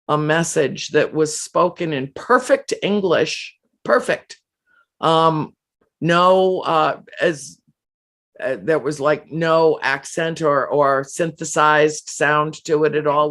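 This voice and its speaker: Slow, halting woman telling a story. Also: deep voice, fairly bright tone. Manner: emotional, halting with frequent restarts and fillers. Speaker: guest. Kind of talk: earnest personal storytelling.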